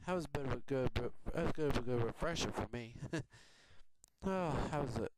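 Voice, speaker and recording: A man from Houston giving a rambling, chatty update vlog from a quiet home, laughing often. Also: medium pitch, brisk. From Houston, Texas. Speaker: video blogger. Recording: noisy home recording with clicks.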